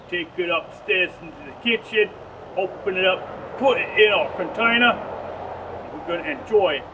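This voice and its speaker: Far from the mic and over a noisy background, a high-voiced man at a moderate pace runs a tongue-in-cheek cooking demo. His patter is jokey and meandering, sprinkled with slang such as "bloody" and "mate."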